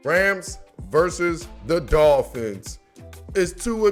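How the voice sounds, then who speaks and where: A man's voice: high voice, moderate pace, soft background music. A man hosting his own sports predictions show, talking casually and slangily with lots of bro and man. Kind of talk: casual monologue.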